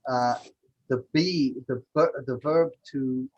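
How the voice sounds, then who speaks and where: A man's voice: mid-range voice, takes it slowly, a little mellow, dull audio. A man teaching a language lesson over a video call, patiently explaining grammar with examples.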